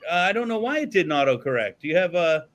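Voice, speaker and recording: A man co-hosting a podcast in casual chat, joking and excitable, swearing freely. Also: fairly high pitch, quick pace. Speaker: podcast co-host. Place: podcast studio.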